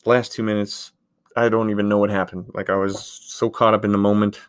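A man's voice: lowish voice, little pitch movement, brisk, clean tone. A man in his thirties who hosts a podcast, telling a story in a casual, rambling way with lots of filler words. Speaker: podcast host, handball goalkeeper.

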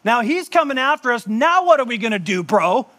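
A man's voice: extremely high pitch, big pitch swings, fairly quick, pushed and bright, heavily acted. A man voicing a panicky young male traveller who talks in slang. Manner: slangy, dude-and-bro talk.

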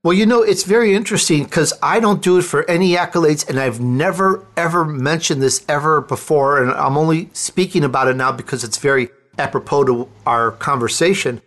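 A male interview host talks with his guest in an effusive, upbeat way. His voice sits a little high. He praises often and speaks expansively. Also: a little fast, few pauses, a bit bright. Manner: enthusiastic, effusive. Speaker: talk show host. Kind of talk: interview conversation.

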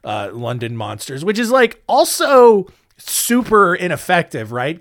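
A man's voice: high-pitched, big pitch swings, a little slow, fairly bright tone. Joking man telling odd history. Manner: joking, rambling asides with many ums. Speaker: podcast host. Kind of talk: comedic history storytelling.

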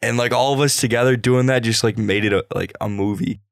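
A man's voice: medium pitch, steady tone, fast talker, no room sound, clean studio sound. A young man telling crude stories in casual chat, rambling and filling his talk with "like" and "dude". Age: young adult.

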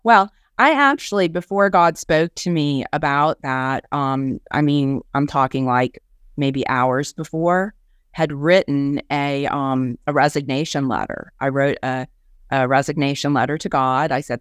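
A woman in her sixties tells her story with lively energy, slipping into the voices of the people she quotes. Her voice is smooth and clear, and the recording is dry and close, with no room sound. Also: a bass voice, unhurried, dry recording. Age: 60s. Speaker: guest speaker and ministry leader. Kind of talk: conversational storytelling.

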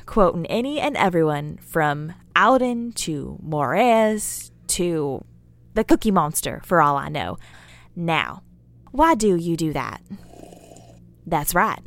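A woman's voice: on the low side, dry recording. A woman playing a folksy, rambling meme lecturer. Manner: chatty and scolding, with folksy asides. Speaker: character in an audio drama monologue. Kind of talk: scripted character monologue.

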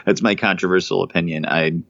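Low-voiced man, dry dull recording. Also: fairly even intonation, brisk, vocal fry, fairly bright tone, dry recording. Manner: jokey, laughing. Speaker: podcast co-host. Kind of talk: podcast wrap-up.

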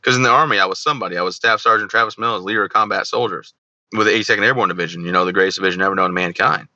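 A man in his thirties speaks low and forcefully, pressing his words with a tense edge. He tells his own story in an animated way and slips into lively bits of remembered dialogue. The sound is dry and a little dull and lo-fi. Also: racing, no echo. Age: 30s. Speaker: interview guest, army veteran. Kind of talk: candid personal storytelling.

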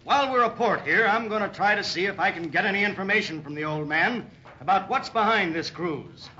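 An earnest young first mate. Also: male voice, sits high, a little fast, bright, forceful tone, slight background noise. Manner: earnest, cautious. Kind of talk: 1930s radio drama. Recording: dull old radio recording.

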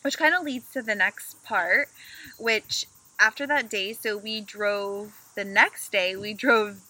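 A woman co-hosting a casual travel podcast, telling stories with animated energy and acting out what people said. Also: mid-range voice, slow pace, rough recording. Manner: animated storyteller, acts out quotes. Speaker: podcast co-host.

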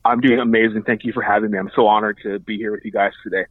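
A man, an evangelist guest, telling a lively testimony story and acting out the voices of the people in it. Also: fairly low pitch, fast talker, dry recording. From Canada. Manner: animated storyteller, acts out voices. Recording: tinny phone-like line.

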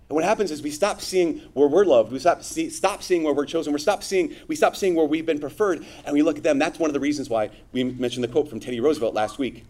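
A man giving a conversational sermon to his congregation, animated, with frequent asides. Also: fairly high pitch, quick pace, few pauses. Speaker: priest.

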